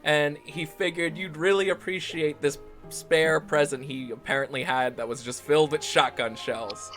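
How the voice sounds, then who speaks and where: A game master narrates a tabletop session at normal speed, his steady voice on the high side and fairly bright. Soft music plays behind him as he rambles with frequent laughs and restarts.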